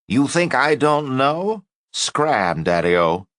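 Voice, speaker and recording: A man voicing a cackling, foul-mouthed, imperious old woman, sharp and mocking, pitched high. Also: big pitch swings, normal speed, creaky, dry recording, studio quality, heavily acted. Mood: scornful.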